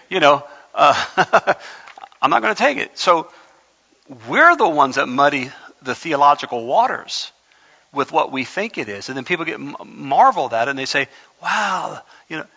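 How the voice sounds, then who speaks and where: A man's voice: mid-range voice, very animated, moderate pace, pushed and bright, in a large hall, muffled recording. A male pastor preaching a conversational sermon that rises to impassioned emphasis.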